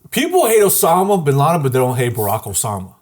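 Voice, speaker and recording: A man's voice: medium pitch, wildly swooping pitch, fast talker, slight background noise. A young man co-hosting a podcast, telling a laid-back story in casual chat and swearing freely. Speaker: podcast co-host.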